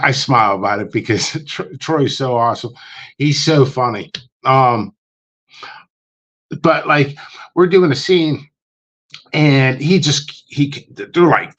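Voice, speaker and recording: In a muffled recording, a man with a mid-range, fairly bright voice guests on a casual livestream chat show. His stories ramble, full of ums and false starts, and he does voices whenever he quotes someone.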